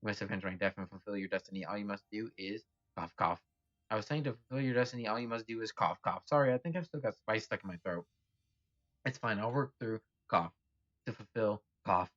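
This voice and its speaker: A man's voice: fairly low pitch, a little fast, a bit bright, no room sound, muffled recording, lightly acted. A man voicing a solemn male spirit messenger who keeps breaking into coughs. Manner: interrupted by coughs.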